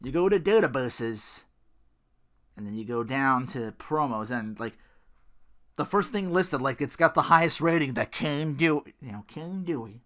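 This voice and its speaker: A man chatting alone on his podcast, rambling and poking fun at himself as he goes. His voice is bright and swings widely in pitch, rising and dropping between asides. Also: expressive, normal speed. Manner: rambling, self-mocking, laughs at own jokes. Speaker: podcast host. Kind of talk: solo podcast chat.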